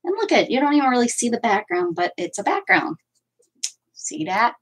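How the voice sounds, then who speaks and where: Casting note: a chatty woman with a husky voice and lively, bouncy pitch, crafting on a home livestream and talking to viewers. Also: normal speed, low-quality recording. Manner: chatty, rambling, answers viewer comments aloud. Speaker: crafting channel host. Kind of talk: casual livestream chat while crafting. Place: at home with her cats.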